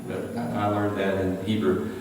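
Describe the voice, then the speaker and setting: A man's voice: low-pitched, flat delivery, normal speed, darkish tone. A man with a West Virginian accent, a pastor teaching a Bible study in an earnest, conversational way. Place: large church sanctuary. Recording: echoey hall, mic at a distance.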